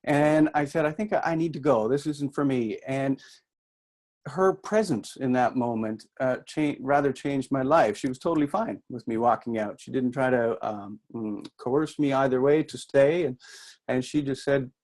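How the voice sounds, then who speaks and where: With medium pitch, moderate pace and a slightly mellow quality, a middle-aged man from New Brunswick delivers a workshop talk. His mixed Canadian-Irish accent carries a chatty, self-deprecating style aimed at his listeners.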